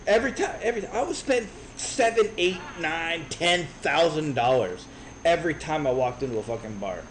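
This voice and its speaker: A man in his thirties telling a brash, profane story in a casual, animated way. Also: fairly high pitch, normal speed, a little hiss or hum, rough recording. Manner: brash, profane, animated retelling with quoted voices. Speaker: streamer.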